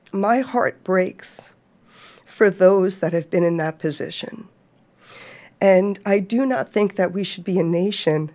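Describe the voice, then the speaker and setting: A woman's voice: mid-range voice, mellow. A woman hosting a podcast, speaking earnestly and heartfeltly to listeners she calls folks and reading scripture aloud. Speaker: podcast host.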